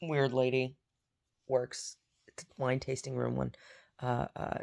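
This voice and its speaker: A woman's voice: very deep voice, level tone, measured pace, gravelly, darkish tone. A woman vlogger chatting casually and meandering, repeating words and muttering asides to herself. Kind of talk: casual rambling chat.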